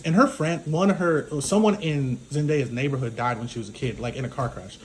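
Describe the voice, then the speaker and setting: A man's voice: medium pitch, fairly quick. A man giving a casual spoken recap of a film as a reviewer, rambling with many fillers. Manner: rambling, filler-heavy retelling, full of "like".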